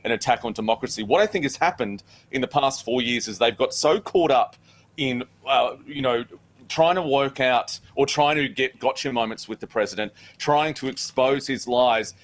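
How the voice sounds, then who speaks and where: A man's voice: medium pitch, moderate pace. A man on a talk show panel, making an earnest argument in casual chat. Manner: earnest, builds an argument with filler restarts.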